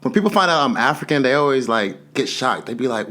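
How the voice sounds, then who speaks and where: Animated young man doing stand-up. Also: mid-range voice, fast. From Texas. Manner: loose, laughing storytelling, slips into character voices. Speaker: stand-up comedian. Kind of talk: stand-up comedy set.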